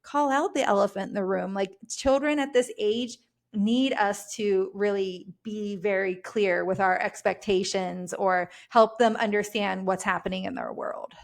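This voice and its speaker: A woman guest on a podcast, a parenting educator and author, explaining in a measured way with frequent "like" fillers. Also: mid-range voice, fairly even intonation, creaky.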